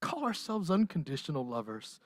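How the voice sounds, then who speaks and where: An emotional pastor delivers a sermon, with the voice swinging widely in pitch. The delivery climbs to impassioned peaks and then falls to near-whispers. The sound is dry and close. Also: big pitch swings, moderate pace, dry recording. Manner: impassioned, swings from raised intensity to hushed softness. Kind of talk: livestreamed sermon. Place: church.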